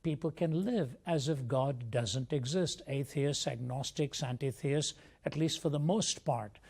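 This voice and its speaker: A man's voice: mid-range voice, a little slow, creaky, darkish tone, breathy edge. An older man from India, a guest speaker, giving an earnest, reflective personal testimony in an interview.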